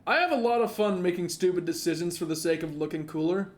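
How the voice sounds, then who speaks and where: High-voiced joking man streaming a game. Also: fast talker. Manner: excitable and joking, laughs often. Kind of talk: casual gameplay commentary.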